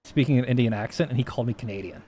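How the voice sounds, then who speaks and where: A man's voice: mid-range voice, rapid-fire, dark tone, slight background noise. A man streaming casually while he codes, rambling and swearing, often restarting his sentences. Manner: rambling, profane, frequent restarts. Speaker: livestreamer. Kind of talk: casual livestream chat while coding.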